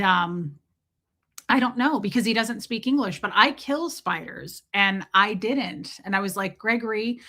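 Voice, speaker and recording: A woman's voice: mid-range voice, bright, forceful tone. A woman live streamer chatting casually and telling rambling, candid stories with casual swearing.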